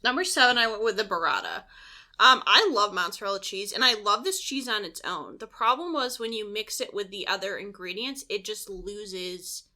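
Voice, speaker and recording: Bright giggly young woman chatting. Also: mid-range voice, moderate pace. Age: young adult. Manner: relaxed, hesitant, giggly. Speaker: podcast co-host. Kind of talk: casual chat.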